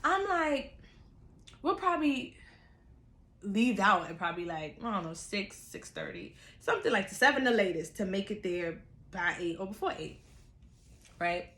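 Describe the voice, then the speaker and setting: A young woman vlogger from New York, telling a storytime in a chatty, animated way with casual slang. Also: medium pitch, normal speed, long pauses, reverberant.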